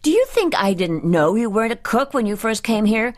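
A sharp-tongued lady of the house scolds her cook shrilly, as a woman narrator puts her on. The voice leaps up and down in pitch. There is a slight huskiness to it. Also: animated, measured pace, husky. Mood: furious.

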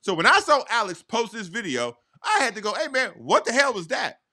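A man co-hosting a sports talk show, delivering a loud, preachy comic rant. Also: high voice, sing-song, brisk. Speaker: co-host. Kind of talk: sports radio banter.

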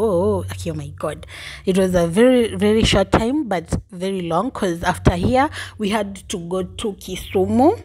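A young Kenyan-accented woman vlogs casually, bubbly and quick to laugh, switching between English and Swahili. Her voice is medium-pitched with a breathy edge.

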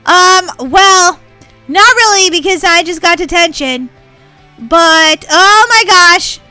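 A woman giving excited gameplay commentary as a channel host, squealing, laughing and crying out in bursts of panic. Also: very high-pitched, slow, no room sound, soft background music. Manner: squealing, laughing, breathless exclamations.

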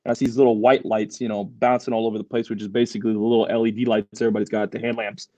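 A man's voice: on the low side, level tone, very fast, warm tone, no room sound, low-quality recording. A young man, a Marine veteran, telling his story as a podcast guest, loose and full of fillers and swearing. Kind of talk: casual storytelling interview.

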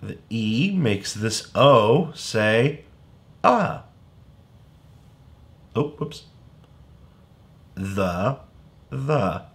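A man's voice: fairly low pitch, sing-song, extremely slow, vocal fry, pauses often, fairly bright tone. A man teaching young children phonics in a playful way, sounding out words letter by letter. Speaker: kindergarten teacher.

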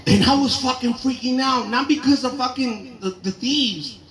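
A man doing a loud, profane stand-up comedy set, telling animated stories to a live audience in a garage. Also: very high-pitched, moderate pace. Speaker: stand-up comic. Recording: roomy garage with crowd laughter.

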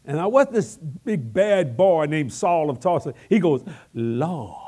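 An older man with a drawl preaches in a voice that rides high and swings wide in pitch. He breaks into loud shouts and chuckles between his lines, and his grammar stays folksy and plain. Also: measured pace. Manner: animated, shouting bursts, laughing asides, folksy grammar. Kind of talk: lively comic sermon. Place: large church hall.

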